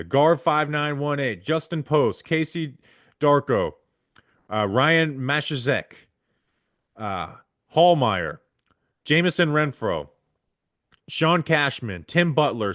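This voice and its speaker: Man, podcast host, reading names, mid pitch, dry close sound. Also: fairly bright tone, dry recording. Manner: rapid list-reading with stumbles over names. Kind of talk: reading supporter names aloud.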